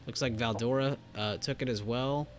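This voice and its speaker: A man's voice: medium pitch, normal speed, soft background music. A man hosting a live stream, chatting casually about trades with frequent fillers and easy laughter. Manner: laid-back, chatty, laughs easily, many fillers. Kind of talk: casual chat while reviewing trades. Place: home studio in Texas.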